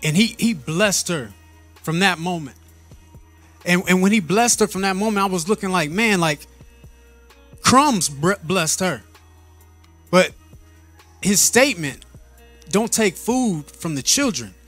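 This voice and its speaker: A man's voice: sits high, animated, unhurried, long pauses, a bit bright, soft background music. A man telling a personal faith story in a casual, earnest way, often repeating and restarting his words and laughing between phrases. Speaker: vlogger sharing a faith testimony.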